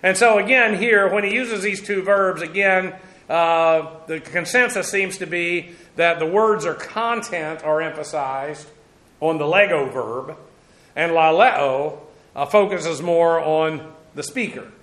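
A man's voice: a little high, unhurried, fairly bright tone. A man preaching a sermon, teaching scripture in a conversational way, with many fillers and restarts. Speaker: pastor. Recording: echoey room sound.

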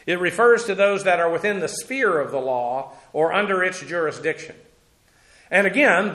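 A man's voice: sits high, fairly bright tone. A man preaching a sermon, teaching scripture in a conversational way, with many fillers and restarts. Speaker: pastor. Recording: echoey room sound.

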